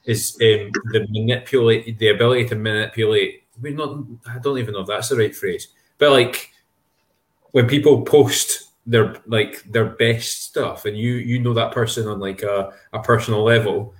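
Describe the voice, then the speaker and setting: A man hosting a podcast, talking casually in a halting way with many restarts. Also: medium pitch, fairly even intonation, roomy sound.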